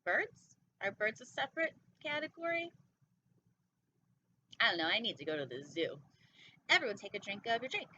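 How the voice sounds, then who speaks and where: A woman's voice: medium pitch, big pitch swings, moderate pace, long pauses, sharp tone, slight background noise. A woman hosting a casual storytime, reading a picture book with goofy, rambling asides. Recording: dull lo-fi recording.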